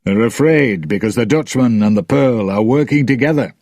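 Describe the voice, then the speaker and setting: A man's voice: medium pitch, lively intonation, moderate pace, darkish tone, no room sound, studio quality. A man voicing a loyal, practical sailor in his own plain, urgent tone.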